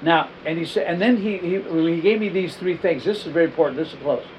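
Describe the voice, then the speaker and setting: Animated middle-aged male pastor, slightly high. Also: fast, muffled recording, slight background noise. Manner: animated, repeats and restarts phrases. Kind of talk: storytelling sermon.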